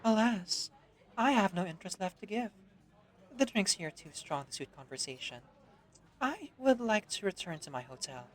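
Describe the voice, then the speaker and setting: A man's voice: high-pitched, expressive, normal speed, voice pushed up. A man putting on a sleepy, languid elegant woman. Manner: soft, languid, detached.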